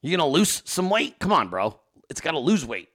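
Male streamer host, bright animated delivery, profane rants, casual reading of viewer mail. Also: on the high side, a little fast. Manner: profane, ranting; reads viewer emails and chat aloud. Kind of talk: casual livestream chat.

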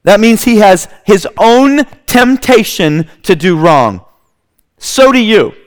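Animated male preacher with a high, lively voice. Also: slow pace. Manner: animated storytelling, acting out scenes with kids. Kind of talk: sermon.

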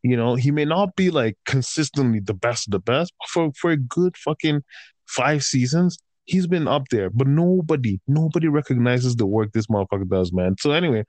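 A man's voice: mid-range voice, animated, fairly quick, a little mellow, dry recording. A man in casual chat, ranting heatedly about football with constant swearing and slang. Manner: heated, profane rant with slang like bro. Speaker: podcast host and football fan.

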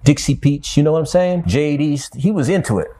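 An older man from New York, a guest telling stories from his life in an animated, streetwise way. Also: on the high side, a little fast. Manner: animated storyteller, streetwise slang. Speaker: interview guest. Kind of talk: storytelling interview.

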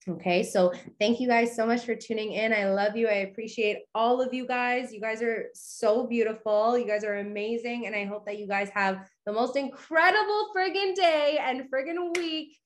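A woman's voice: a little high, fairly even intonation, moderate pace, few pauses. A young woman hosting a podcast, giving a casual motivational monologue in a chatty, upbeat way full of "you know" and "okay". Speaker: podcast host.

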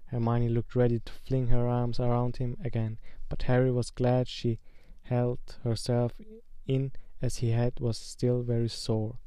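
A man narrating a storybook aloud at a calm, steady pace. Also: mid-range voice, measured pace, hardly any pauses, clean tone, no echo. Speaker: audiobook reader.

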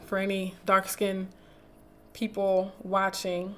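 A woman hosting a livestream who reads affirmations slowly and deliberately, with pauses, then chats warmly with her viewers and laughs easily. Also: mid-range voice, fairly even intonation. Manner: slow, deliberate, soothing reading with pauses. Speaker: livestream host reading affirmations. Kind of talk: slow reading of affirmations, then casual chat with viewers.

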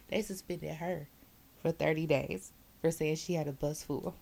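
Blunt, animated woman telling stories. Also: lowish voice, normal speed, creaky. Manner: animated storyteller, acts out quotes, laughs often; blunt and profane. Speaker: bus driver. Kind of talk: casual chat, telling work stories.

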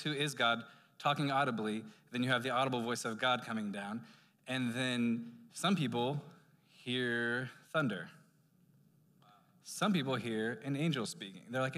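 A male pastor preaches in a loose, chatty way, often breaking off into asides. His voice is bright, with sharp, hissing s sounds. A long reverb from the church hall trails after each phrase. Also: medium pitch. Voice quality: heavy sibilant s sounds. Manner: conversational, animated preaching with asides. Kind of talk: sermon. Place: church sanctuary.

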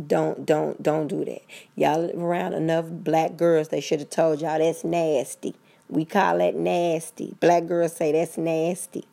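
A woman's voice: on the low side, vocal fry, dark tone. A woman giving a blunt, profane, preachy rant straight to her listeners in casual podcast style. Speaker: commentator.

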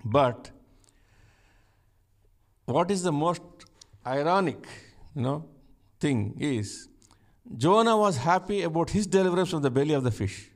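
A man's voice: a little high, lively intonation, measured pace, pauses often. A man preaching a conversational sermon, asking rhetorical questions and chuckling now and then.

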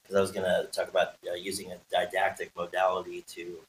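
A man co-hosting a podcast, explaining counseling terms in a halting casual way. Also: sits low, monotone, a crowd in the background. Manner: explains with clinical terms, many "uh" pauses. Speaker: podcast co-host. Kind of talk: casual chat. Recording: roomy echo.

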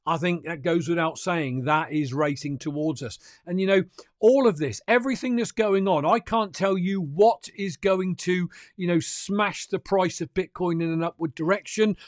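A man hosts a crypto news livestream, offering casual commentary and talking to viewers in a chatty, emphatic way. His high-pitched voice moves at a normal speed, and the recording is dry and studio quality.

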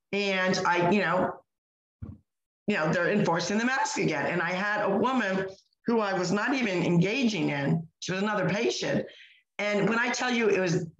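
A woman's voice: mid-range voice, highs cut off. Woman co-hosting a chat podcast, fired up, um and you know everywhere, roomy echo. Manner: indignant storytelling with many fillers and restarts. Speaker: podcast co-host. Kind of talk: casual chat. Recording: echoey room.

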